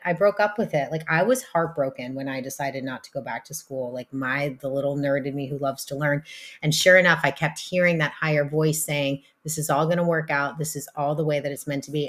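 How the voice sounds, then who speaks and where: A woman with a low-pitched voice co-hosts a podcast in casual conversation. She speaks earnestly and with enthusiasm. Her delivery turns animated when she gets excited. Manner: enthusiastic, earnest, talks of healing and energy. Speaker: podcast co-host. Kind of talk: casual chat.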